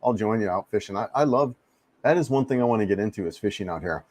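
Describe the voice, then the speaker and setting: Streaming live from his home in the Philippines, this US-born host answers viewers in loose, rambling chat, frequently repeating words. He talks fast with lively intonation in a lowish, darkish voice, captured dry on a desk mic he fiddles with.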